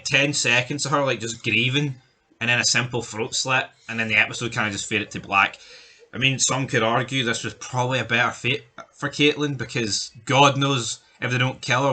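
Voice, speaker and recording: A man's voice: mid-range voice, normal speed, bright, forceful tone. A man co-hosting a casual chat, opinionated and steering the talk, often stumbling over his first words. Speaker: podcast co-host. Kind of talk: casual chat ranking TV deaths.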